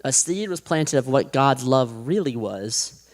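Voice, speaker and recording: Man of medium pitch telling his testimony to a crowd; chaotic and rambling, sinks to a quiet hush when it gets heavy. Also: expressive, measured pace. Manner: rambling, self-described chaotic, with many restarts; drops to a hushed, quiet voice at heavy moments. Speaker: guest giving a testimony. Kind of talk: personal faith testimony to an audience.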